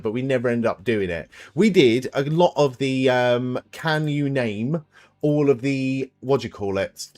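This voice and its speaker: A man's voice: mid-range voice, dry recording. A man hosting a live watch-along stream, thinking aloud and swearing freely as he plays a guessing quiz with viewers.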